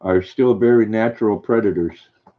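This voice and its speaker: An older man hosting a livestream, reading viewer comments aloud and answering them in a gentle, folksy way. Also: fairly low pitch, normal speed. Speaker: livestream host reading chat. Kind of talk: casual chat. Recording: dull lo-fi stream audio.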